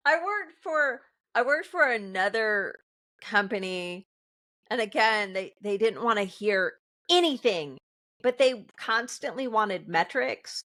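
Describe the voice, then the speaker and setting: A woman co-hosting a casual talk show, telling animated work stories, laughing often and mimicking the people she quotes. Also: mid-range voice, takes it slowly. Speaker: podcast co-host. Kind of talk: casual chat.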